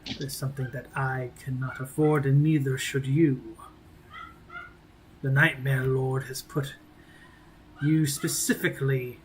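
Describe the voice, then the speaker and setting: A man voicing a cold male servant of a dark lord, speaking sternly and measuredly. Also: medium pitch, a little hiss or hum, lightly acted, poor audio.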